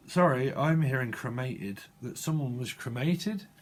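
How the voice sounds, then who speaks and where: Halting man reading tarot. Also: medium pitch. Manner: halting, restarts and apologizes, talks to the viewer. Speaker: tarot reader. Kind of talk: channeled psychic tarot reading.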